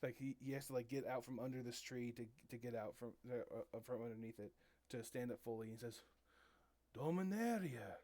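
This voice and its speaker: A man running a tabletop role-playing game, improvising his narration. He talks in halting bursts at a middle pitch. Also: flat delivery, mellow. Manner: halting, many fillers and restarts. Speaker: game master.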